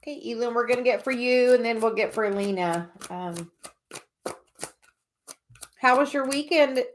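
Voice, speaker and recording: Woman host doing relaxed live card readings; higher voice, loose and meandering delivery. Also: moderate pace, noisy background. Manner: rambling, many fillers and restarts. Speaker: oracle card reader hosting a livestream. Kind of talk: casual livestream reading.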